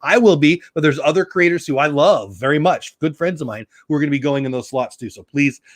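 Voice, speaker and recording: A man's voice: a little high, fairly quick, dry recording. A middle-aged man hosting a casual live stream, chatting and greeting viewers by name. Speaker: YouTube live stream host.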